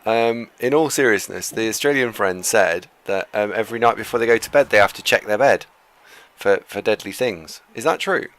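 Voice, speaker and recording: Low-voiced man, wry game talk. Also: normal speed, fairly bright tone. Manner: wry, self-critical remarks. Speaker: co-streamer. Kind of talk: casual chat over gameplay.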